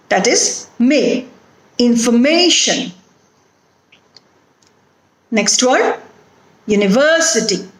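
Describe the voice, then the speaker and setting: A woman with an Indian English accent giving a phonetics lecture, speaking deliberately and repeating words to model their stress. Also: on the high side, roomy sound, low-quality recording.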